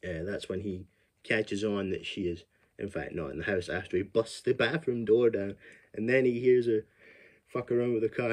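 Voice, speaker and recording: A man's voice: lowish voice, fairly even intonation, moderate pace. A man casually recapping a horror film plot, rambling, profane and often laughing. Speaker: film reviewer.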